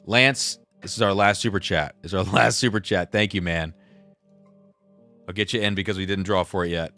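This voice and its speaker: Man, very low voice, livestream host, rambling casual chat, faint music behind. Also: steady tone, moderate pace, pushed and bright. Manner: rambling, self-deprecating, reads viewer chats aloud.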